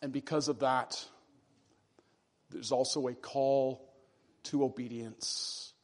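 A man preaching a sermon to his congregation, earnest and deliberate, slowing down and dropping his voice to stress key phrases. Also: mid-range voice, fairly even intonation. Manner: earnest preaching, slows and drops for emphasis. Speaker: pastor.

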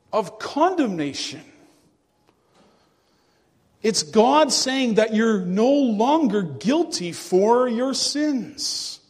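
A male pastor preaching a sermon to his congregation, earnest and emphatic, with hushed drops. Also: very high-pitched, slightly rough, long reverb tail. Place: church.

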